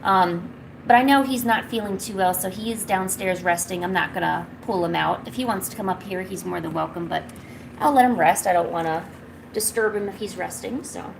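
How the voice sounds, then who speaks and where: A woman's voice: mid-range voice, a little fast, creaky, noisy background. A woman live-streaming from home, chatting casually with viewers and cooing baby talk to her cat. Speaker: art streamer.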